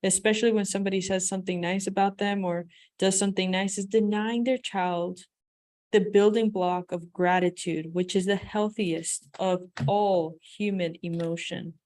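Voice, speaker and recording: A woman's voice: mid-range voice, moderate pace. Woman reading self-help with chatty asides. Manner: lively emphatic reading, breaks off into chatty comments. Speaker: audiobook reader.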